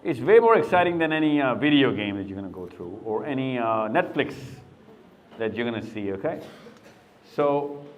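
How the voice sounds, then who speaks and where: A man's voice: mid-range voice, animated, normal speed. A middle-aged man speaking to young people in a live talk, quizzing them patiently and then telling a long story. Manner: questioning, coaxing and storytelling.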